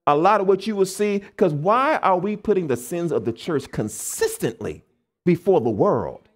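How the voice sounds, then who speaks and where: American male preacher, animated, voice pitched a bit high, talks back and forth with the congregation. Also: normal speed. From United States. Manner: animated, call-and-response questions to the congregation; acts out quoted people in changed voices. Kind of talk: camp meeting sermon.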